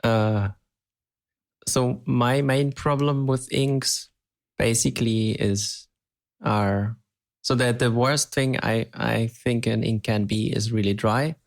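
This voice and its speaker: A European man co-hosts a podcast in casual chat, sounding hesitant and laughing often. He speaks slowly with a creaky, medium-pitched voice and fairly even intonation.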